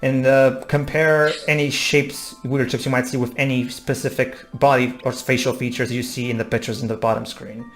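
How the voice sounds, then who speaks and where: A man's voice: medium pitch, level tone, moderate pace, hardly any pauses, soft background music. A man giving casual, rambling commentary on a game with friends, often restarting his sentences. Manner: rambling, many restarts, playful. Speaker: let's play commentator.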